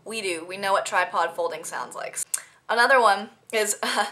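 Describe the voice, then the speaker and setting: Bright-voiced chatty teen girl vlogger. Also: mid-range voice, moderate pace. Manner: chatty, giggly, rambling storytelling. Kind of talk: casual unscripted vlog chat.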